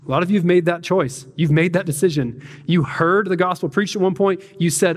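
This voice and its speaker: Chatty male pastor with a higher voice. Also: brisk. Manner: conversational, peppered with "like" and "man", acts out voices. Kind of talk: casual sermon. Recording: long hall reverb.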